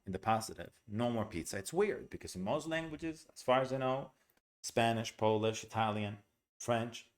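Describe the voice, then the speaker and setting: A man teaching English pronunciation in an online lesson, talking casually and bluntly and checking in with "right?" as he explains. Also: mid-range voice. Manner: chatty, with frequent "right?" and "okay?"; blunt, opinionated asides.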